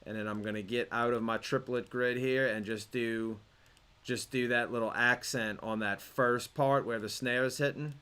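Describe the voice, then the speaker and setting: A young man teaches beat making in a relaxed screen tutorial. His voice is smooth and clear at an ordinary middle pitch, and he talks it through loosely, restarting phrases and filling pauses with "um". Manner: relaxed, explanatory, with fillers and restarts. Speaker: music production instructor.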